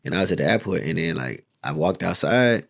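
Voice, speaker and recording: A man's voice: sits low, lively intonation, fairly quick, vocal fry, a bit bright. A man from Houston, a rapper guest in a casual interview, talking in a laid-back, rambling way full of slang. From Houston, Texas.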